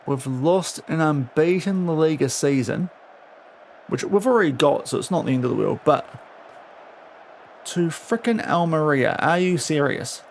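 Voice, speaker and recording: A man's voice: fairly high pitch, measured pace, slight background noise. A young man streaming a football management game, talking casually and scolding his virtual players in exasperation. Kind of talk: casual live-stream commentary.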